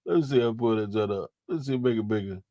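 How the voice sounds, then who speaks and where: A man's voice: lowish voice, animated, very fast, dark tone, no room sound, clean studio sound. A young man chatting casually on a live stream, laughing and teasing in slangy talk.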